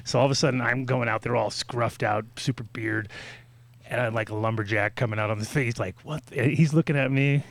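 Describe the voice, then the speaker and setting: A man telling a story in casual chat, animated and swearing, acting out quotes with sudden jumps in pitch. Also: a little fast, gravelly, no echo. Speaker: podcast guest telling a story.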